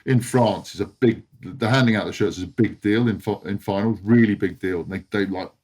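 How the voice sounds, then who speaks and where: An English man in his forties, a retired rugby player appearing as a podcast guest, tells stories in a casual, chatty way. His voice is lowish and fairly quick, and he's animated, laughing often, swearing, and stumbling over his words.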